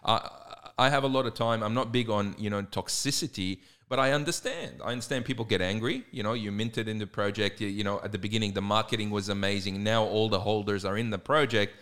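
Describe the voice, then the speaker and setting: A man's voice: on the low side, fairly bright tone, clear, resonant tone. A man with an Australian accent co-hosting a casual podcast, giving blunt, direct advice. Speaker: podcast co-host.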